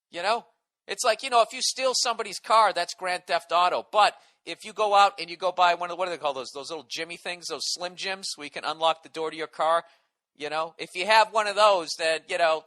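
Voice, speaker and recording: Guy ranting on his podcast, swears a ton, sarcastic and worked up, higher-pitched forceful voice, dry close mic. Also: dry recording. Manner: indignant, sarcastic, heavy swearing. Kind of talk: profane ranting monologue.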